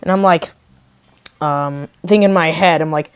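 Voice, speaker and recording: Woman vlogger, casual storytime, rambling, says "like" a lot, slightly low voice. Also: moderate pace, smooth, no echo. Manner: rambling, full of "like" and joke asides.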